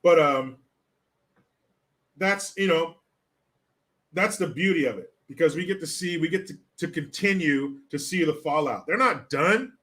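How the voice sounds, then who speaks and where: Bright-voiced sarcastic male political host. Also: on the high side, unhurried, long pauses. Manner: sarcastic, blunt, swears freely. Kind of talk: casual political commentary livestream.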